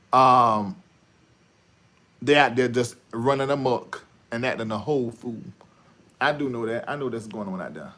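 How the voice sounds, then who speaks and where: A man hosting a live online talk show, thinking out loud in an animated monologue that swings from shouting to muttering. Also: medium pitch. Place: studio.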